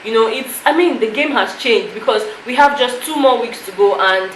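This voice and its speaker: A woman's voice: fairly high pitch, moderate pace. Chatty woman vlogger in an echoey room. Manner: chatty, emotional, many "you know" fillers. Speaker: reality show recap vlogger. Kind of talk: casual show recap to camera. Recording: echoey room with faint noise.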